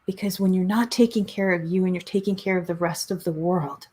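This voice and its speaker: A woman's voice: lowish voice, fairly even intonation, a little fast, a little mellow, husky. A middle-aged woman hosting a spiritual talk show, speaking earnestly and repeating phrases for emphasis. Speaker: host, spiritual coach. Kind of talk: motivational talk show monologue.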